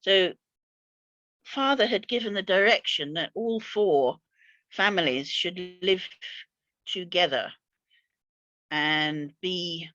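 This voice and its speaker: Slow, hesitant older woman recalling. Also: on the low side, fairly bright tone, dry recording, muffled recording. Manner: hesitant, many fillers and repeated words. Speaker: interview guest recalling mission years. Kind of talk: unhurried reflective storytelling.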